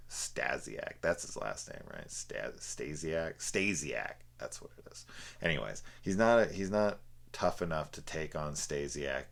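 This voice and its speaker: A man's voice: very deep voice, a bit bright. A man casually reviewing a film, rambling with many fillers and restarts. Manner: rambling, lots of fillers and laughs.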